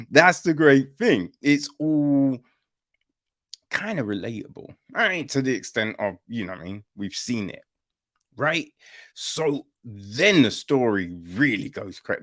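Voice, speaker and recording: A man's voice: medium pitch, a bit bright. A man hosting a podcast in casual chat, swearing freely and checking in with "right?" and "you know what I mean?". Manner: swears freely and uses slang; acts out quoted reactions in shifting voices. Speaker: podcast host reviewing a film.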